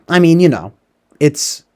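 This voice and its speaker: A man hosting a casual livestream, rambling and profane, tagging his thoughts with "like" and "right?". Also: fairly high pitch. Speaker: livestream host. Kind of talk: casual livestream movie talk.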